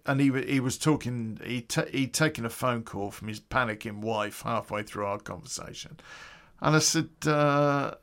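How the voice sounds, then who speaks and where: A man recounts an old tale for his podcast, loose and conversational, swearing freely and chuckling at his own asides. His voice is gravelly with a mid pitch. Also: normal speed, a bit bright. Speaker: storyteller, podcast host. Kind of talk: casual podcast storytelling.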